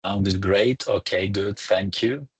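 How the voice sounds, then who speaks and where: A man's voice: lowish voice, measured pace, husky. A man, a lecturer, hosting a live online webinar in a chatty, welcoming way with some fillers, speaking into a computer mic.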